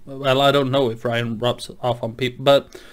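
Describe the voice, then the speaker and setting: A man's voice: medium pitch, little pitch movement, moderate pace. A man hosting his channel, chatting casually late at night in a rambling, hesitant way with many restarts. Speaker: gaming channel host.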